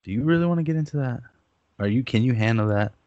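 A man's voice: mid-range voice, expressive, fast, warm tone, no echo. A man co-hosting a casual podcast chat, blunt and teasing. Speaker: podcast co-host. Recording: dull lo-fi sound.

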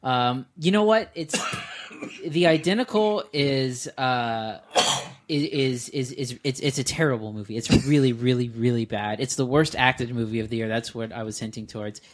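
A male podcast co-host chatting casually about films. He talks in an animated way, laughing often and piling on exaggerated disbelief. His voice sits at an ordinary middle pitch. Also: moderate pace. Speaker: podcast co-host, film critic. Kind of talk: casual chat.

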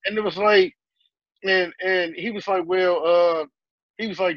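A man in a casual group discussion, telling a heated story with animated reenactment of what was said. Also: high-pitched, a little slow, pauses often, dry recording, lo-fi sound. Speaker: panel guest.

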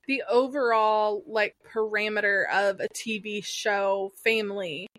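A woman's voice: medium pitch, fairly even intonation, measured pace, a bit bright, no echo. A woman co-hosting a podcast in casual chat, sarcastic and chatty with lots of filler words. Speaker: podcast co-host. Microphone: podcast mic.

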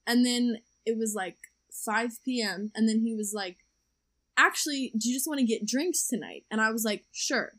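A young woman with a fairly high voice chats casually with a co-host. She tells stories in a chatty, animated way and laughs along. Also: normal speed. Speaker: podcast co-host. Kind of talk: casual chat.

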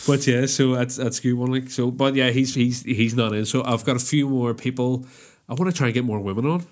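A man's voice: mid-range voice, a little fast. A man, co-hosting a podcast in rambling, sweary banter. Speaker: podcast co-host. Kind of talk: casual chat.

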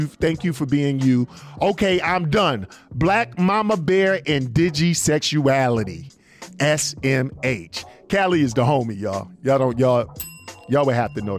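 Male internet radio host, higher voice, very lively delivery, slangy banter, light music bed. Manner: animated, reads listener messages aloud with slang. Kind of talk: casual radio show banter.

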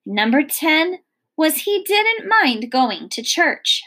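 A woman teacher reading a children's novel aloud in an expressive storybook manner. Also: high voice, slow pace.

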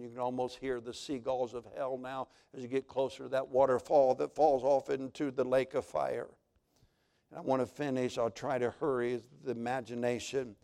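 A man's voice: mid-range voice, warm tone. A male pastor, preaching a sermon as dramatic storytelling.

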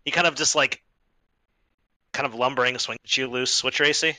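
A man acting as game master narrates an online tabletop game in a lively way, often restarting his sentences quickly. His voice is mid-range, with no echo, on a low-quality recording.

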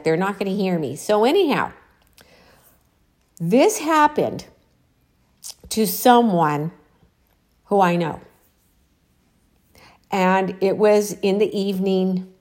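A woman's voice: lowish voice, a little mellow. A woman vlogging outdoors on a walk, chatting casually as she retells a spooky story. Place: outdoors, walking.

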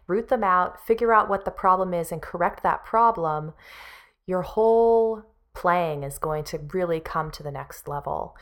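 Speaking to camera, a female music teacher leads a practice lesson in a fairly bright voice that sits on the low side. Her tone is sincere and supportive, and fillers come up often.

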